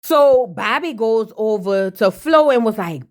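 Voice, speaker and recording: High-voiced sassy woman recapping TV. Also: lively intonation, measured pace, darkish tone. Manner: sassy, slangy, teasing asides to viewers. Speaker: reality TV recap host. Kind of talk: casual recap with commentary.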